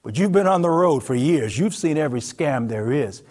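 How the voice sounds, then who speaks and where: A man narrating a story in the second person, in an expressive, intimate, vivid way. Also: fairly high pitch, normal speed.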